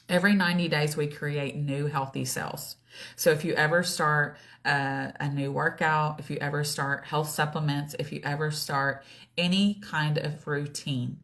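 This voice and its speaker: A woman in her forties with a low voice, speaking straight to her viewers in a chatty, motivational live stream. She keeps acting out her own inner thoughts and fills her sentences with "like" and "you know." The delivery is that of a coach encouraging her audience, talkative and unscripted. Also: steady tone, moderate pace, fairly bright tone. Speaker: business and wellness coach.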